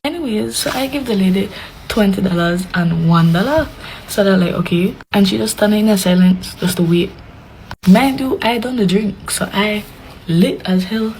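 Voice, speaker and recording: Young woman, animated storytime with whispery asides, mid pitch. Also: normal speed, a little hiss or hum, low-quality recording. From Belize. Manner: animated, dramatic retelling with hushed asides. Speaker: vlogger. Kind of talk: casual storytelling.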